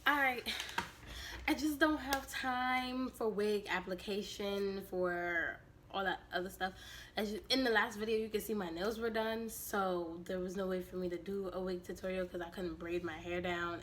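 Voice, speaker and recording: A woman vlogger with a raspy, hoarse voice from allergies, chatting casually and animatedly with her viewers. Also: medium pitch, slight background noise. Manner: chatty and animated, quick asides.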